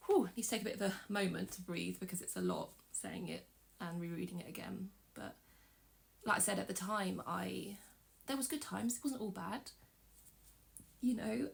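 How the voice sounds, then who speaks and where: Recounting something painful from her own life, this young woman vlogs with a medium-pitched, animated voice roughened by gravel and vocal fry. She keeps breaking off and beginning again, her emotion making the telling uneven.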